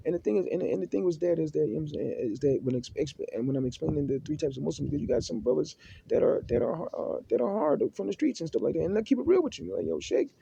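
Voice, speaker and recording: Philly guy rambling fast about faith, real dark low voice, keeps restarting and repeating himself. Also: very animated, gravelly, slightly rough, highs cut off. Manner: halting, with many restarts, repeated words and Arabic terms. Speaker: Muslim speaker giving religious advice. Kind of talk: unscripted religious monologue.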